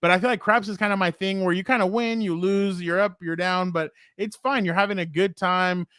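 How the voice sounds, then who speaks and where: A man hosting a sports podcast, telling stories in an animated, laughing way. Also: high-pitched, fairly quick, smooth, no room sound, studio quality. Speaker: podcast host. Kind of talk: casual sports chat and storytelling.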